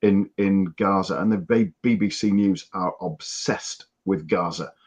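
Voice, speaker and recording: Man from the UK, very deep voice, earnest disapproving chat, dull lo-fi sound. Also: steady tone, unhurried, darkish tone. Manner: earnest, disapproving, many restarts. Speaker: podcast co-host. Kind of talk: casual chat. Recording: dull lo-fi audio.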